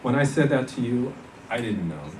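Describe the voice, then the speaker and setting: A man reading fiction aloud, voicing a cautious, bookish young soldier who speaks in a measured, guarded way. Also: mid-range voice, big pitch swings, slight background noise, pitched above the performer's own voice, lightly acted. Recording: echoey hall from far off.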